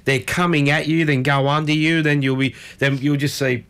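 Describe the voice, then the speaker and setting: A man's voice: fairly high pitch, fairly even intonation, moderate pace, fairly bright tone, smooth. A man with an Australian accent hosting a casual radio chat, telling rambling stories full of fillers. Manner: rambling, filler-heavy storytelling. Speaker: radio host.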